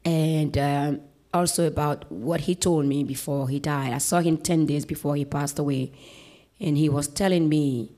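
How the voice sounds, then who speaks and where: A woman singer with a notably low voice shares her life stories in an interview. She tells them expressively and slips into the voices of her relatives as she goes. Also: normal speed. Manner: expressive, acts out family members' voices. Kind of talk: personal storytelling in an interview.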